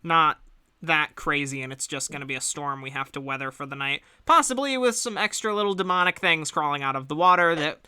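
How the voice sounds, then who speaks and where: A game master narrating a tabletop game in a chatty, animated way, full of asides. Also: medium pitch, brisk, clear, resonant tone.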